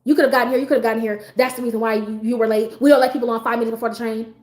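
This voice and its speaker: A woman's voice: on the high side, fairly even intonation, racing, a little mellow, natural voice. A woman imitating a rude female train station agent who snaps at people and curtly repeats herself. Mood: snapping. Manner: curt and repetitive. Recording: echoey room with faint background noise.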